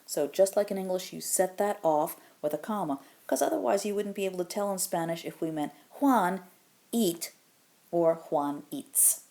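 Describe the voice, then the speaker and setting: Lady teacher explaining grammar step by step, kinda low mellow voice, slows way down on examples. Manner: patient, step-by-step explaining with slow modeled examples. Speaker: Spanish teacher. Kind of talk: classroom grammar lesson.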